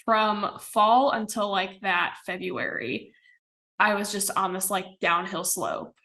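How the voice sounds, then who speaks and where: Speaking slowly in a mid-range voice with a sharp tone, a young woman from the American Midwest guests on a podcast, chatting in a relaxed interview style with many fillers and little laughs.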